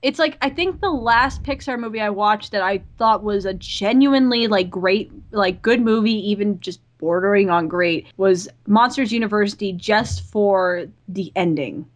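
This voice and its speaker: A woman chatting casually as a podcast guest, animated and gushing, with lots of "like". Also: medium pitch, normal speed, few pauses.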